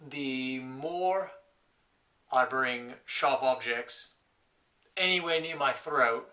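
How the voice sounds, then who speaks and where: A man's voice: mid-range voice, pushed and bright. A young man playing a lonely last man on earth, telling wry rambling stories to camera in a scripted comedy monologue.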